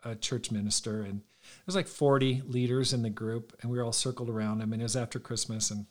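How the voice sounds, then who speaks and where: A man's voice: mid-range voice, fairly even intonation, a little fast. A middle-aged man giving a sermon as a pastor, telling a personal story and acting out the dialogue. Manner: conversational storyteller, acts out quoted dialogue.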